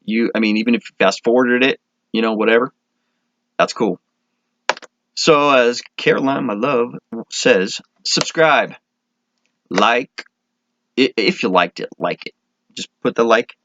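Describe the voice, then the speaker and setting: A man's voice: mid-range voice, a little slow, pauses often, fairly bright tone, dull audio, slight background noise. A man from Minnesota chatting casually to camera in his vlog, rambling, correcting himself and getting enthusiastic. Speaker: vlogger.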